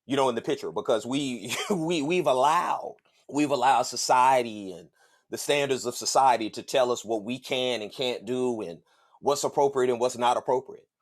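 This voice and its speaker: A man's voice: medium pitch, normal speed. A man from the States, hosting a podcast and telling a story in a casual, profane way. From Southern United States. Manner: animated, profane, acts out other voices. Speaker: podcast host.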